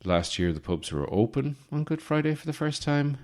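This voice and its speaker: An Irish man in his forties, hosting a podcast with a rambling, deadpan comic monologue full of fillers and restarts. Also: fairly high pitch, normal speed. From Ireland. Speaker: podcast host.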